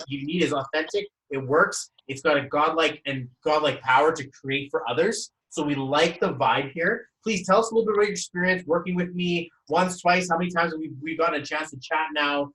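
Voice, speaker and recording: Male coach, upbeat host on a video call, a touch high-pitched, rambling and effusive. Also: fairly quick, hardly any pauses, a bit bright, reverberant, poor audio. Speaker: numerology coach hosting a group call. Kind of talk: casual group video call.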